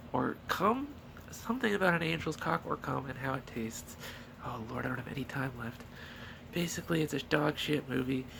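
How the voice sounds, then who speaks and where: A man's voice: a little high, vocal fry, bright, forceful tone, slight background noise. A young man casually rambling through a movie review into his own camera, swearing often and full of fillers and restarts. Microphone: camera filming himself.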